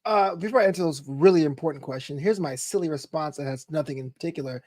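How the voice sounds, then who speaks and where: A man's voice: on the high side, fast talker, darkish tone, no room sound. A man co-hosting a wrestling podcast, chatting casually in a rambling, jokey way. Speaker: podcast co-host. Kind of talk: casual chat.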